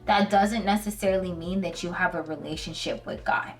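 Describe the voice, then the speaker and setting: A woman's voice: lowish voice, fairly quick. Woman vlogger, casual slangy Bible talk, earnest and emotional, distant mic, faint music under. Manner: animated, slangy storytelling. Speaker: Christian video host.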